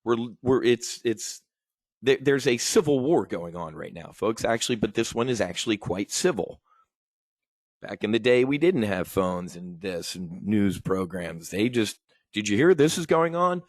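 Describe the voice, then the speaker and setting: A man's voice: fairly low pitch, a little slow, a little mellow, no room sound. A man hosting a show, ranting bluntly and profanely about politics in casual talk, often calling his listeners folks. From United States. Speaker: podcast host.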